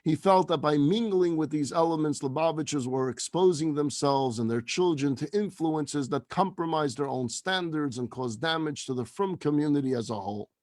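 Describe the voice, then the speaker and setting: A man, a rabbi, telling a story as a sermon, acting out the dialogue in his voice and dropping to a hushed, slow delivery at emotional peaks. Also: fairly high pitch, no room sound, clean studio sound.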